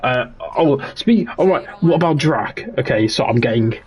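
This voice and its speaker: A man's voice: mid-range voice, animated, normal speed, darkish tone. A young man, chatting casually and rambling on a livestream while he plays a game, laughing often and restarting his sentences. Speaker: streamer.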